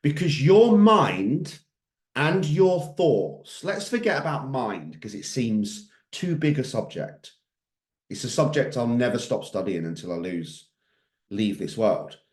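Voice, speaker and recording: Male coach, emphatic, blunt, swears, mid pitch, echoey room. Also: sing-song, slow, darkish tone. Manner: intense, emphatic, swears freely. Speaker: fitness and mindset coach. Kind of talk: motivational group training talk.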